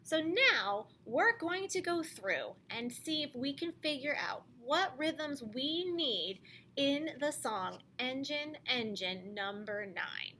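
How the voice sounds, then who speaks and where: A woman music teacher speaks to young children in a slow, patient voice and chants simple rhythm syllables for them to repeat. Her voice sits a little high and sounds bright and forward. A faint hiss of background noise runs under the recording. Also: very animated.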